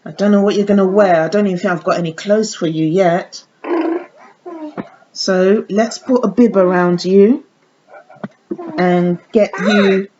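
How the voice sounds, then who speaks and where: Unboxing dolls for her vlog, this woman chats casually and sometimes lapses into a sing-song baby voice for them. She speaks at a medium pitch, a bit slowly, pausing frequently, over lo-fi, muffled audio with a steady, noticeable background noise.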